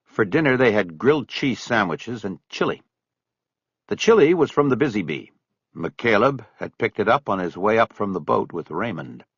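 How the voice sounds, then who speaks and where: Husky-voiced male audiobook narrator. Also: on the low side, moderate pace, dry recording, highs cut off. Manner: expressive storytelling. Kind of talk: scripted narration.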